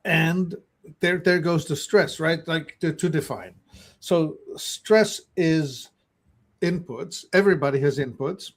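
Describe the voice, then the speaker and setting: A man co-hosting a podcast, reflective and explaining ideas in short, measured phrases. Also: fairly high pitch. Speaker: podcast co-host. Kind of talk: casual podcast chat.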